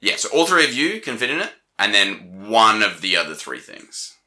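A man narrating a tabletop game as game master, calm and matter-of-fact. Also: lowish voice, moderate pace.

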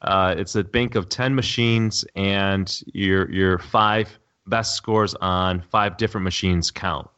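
A man's voice: sits low, steady tone, takes it slowly, hardly any pauses, a bit bright, clear, resonant tone, lo-fi sound. A man guesting on a podcast, explaining a tournament with hesitant fillers. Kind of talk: casual interview.

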